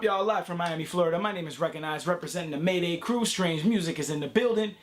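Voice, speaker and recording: A man's voice: high-pitched, quick pace. Hype-man intro from a male promoter. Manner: loud hype-man delivery, repeated chants. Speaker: hip hop promoter. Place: bedroom.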